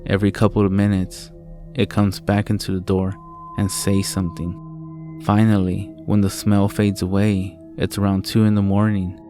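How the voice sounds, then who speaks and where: Deep, flat-voiced male horror narrator. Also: moderate pace, soft background music. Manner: low, steady storytelling with frequent swearing. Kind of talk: scripted narration of a first-person horror story.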